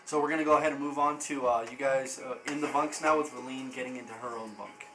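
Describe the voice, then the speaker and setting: A man narrating as game master for a tabletop game, halting and full of fillers. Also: mid-range voice, fairly even intonation, bright, forceful tone, a little hiss or hum, rough recording.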